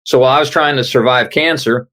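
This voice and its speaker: A man's voice: medium pitch, fast, fairly bright tone. A middle-aged man, a guest on an interview show, earnestly telling a personal story and acting out the words of the people in it. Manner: earnest storyteller, acts out quoted dialogue. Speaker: guest, author.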